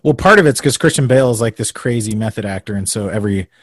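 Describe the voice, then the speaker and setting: A man co-hosting a casual podcast chat, dropping dry, deadpan asides. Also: on the low side, quick pace, slightly rough, no echo. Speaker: podcast co-host.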